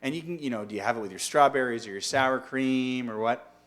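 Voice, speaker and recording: A man's voice: mid-range voice, fairly quick, fairly bright tone. A man teaching as a rabbi in a casual online lunch-and-learn, chatty and digressive, often asking his listeners questions.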